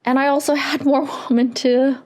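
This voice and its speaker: A woman's voice: high-pitched, flat delivery, normal speed. Earnest woman sharing her healing story. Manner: earnest, reflective, with laughs and sighs. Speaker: energy healer. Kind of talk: personal storytelling to camera.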